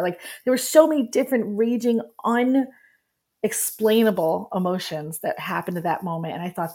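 A woman's voice: medium pitch, fairly even intonation, normal speed, dark tone. A middle-aged woman guest telling a personal story candidly and with feeling, laughing at times as she recalls it. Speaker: guest, writer.

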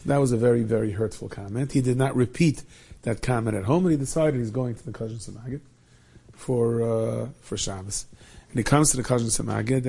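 Guy spinning an old hasidic story, warm low-key tone, lots of yiddish words mixed in. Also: gravelly, breathy edge. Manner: lively retelling with many Yiddish and Hebrew terms. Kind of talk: telling a Hasidic tale.

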